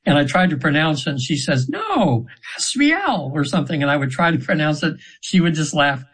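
Husky older man telling a story. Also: fairly high pitch, steady tone, fast, fairly bright tone, rough recording. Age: 70s. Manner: earnest, meandering, many restarts. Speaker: hypnotherapy practitioner, guest. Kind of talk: casual storytelling interview.

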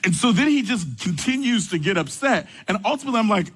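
Husky animated male preacher. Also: quick pace, low-quality recording. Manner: animated storytelling, rising high when excited. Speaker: pastor. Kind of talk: sermon.

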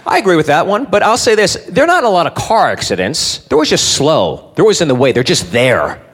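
A male stand-up comedian performing a loud, crowd-baiting routine. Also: on the high side, sing-song, a little fast. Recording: live club with crowd and noise.

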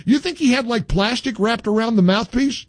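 A man's voice: very high voice, moderate pace, no room sound. A middle-aged man hosting a call-in radio talk show, rambling and wry, his voice jumping up when he gets exasperated.

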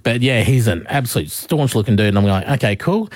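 A man's voice: on the low side, brisk, no room sound, studio quality. A young Australian man on radio, telling a story in casual chat, laughing often. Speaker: radio host.

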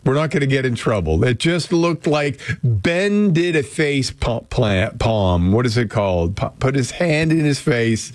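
A man's voice: medium pitch, very animated, a little slow, few pauses, no room sound. Man radio host, chatty and rambling, dry close studio sound. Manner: chatty, rambling, jokey asides. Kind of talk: casual morning radio chat. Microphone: close studio mic.

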